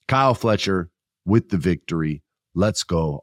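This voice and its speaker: A man hosting a casual wrestling podcast, joking and animated, sometimes mimicking people in his stories. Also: fairly low pitch, brisk, no room sound, clean studio sound. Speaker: podcast host.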